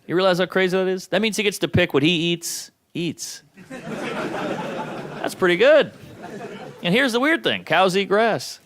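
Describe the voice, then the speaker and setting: A man in his thirties doing a stand-up comedy set, delivering punchlines deadpan and slipping into quick playful quoted voices. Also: high voice, noisy background. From United States. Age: 30s. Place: comedy club stage. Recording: live club with crowd laughter. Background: audience laughter.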